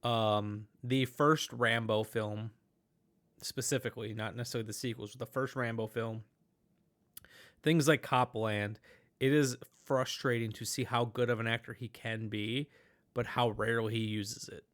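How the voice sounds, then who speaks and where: A man's voice: mid-range voice, moderate pace. Man in a casual movie chat. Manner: animated, rambling with restarts and fillers. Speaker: podcast host.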